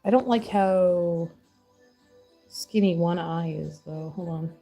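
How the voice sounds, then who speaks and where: Chatty woman streamer with a mellow voice. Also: on the low side, slow, creaky, faint music behind. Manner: chatty, rambling, laughs often. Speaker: crafting streamer. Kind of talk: casual chat while crafting.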